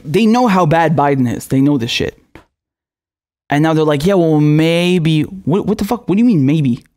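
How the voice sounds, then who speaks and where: High-voiced man ranting with exasperation. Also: expressive, moderate pace, darkish tone. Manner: profane, exasperated, sarcastic. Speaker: political commentator. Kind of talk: angry ranting commentary.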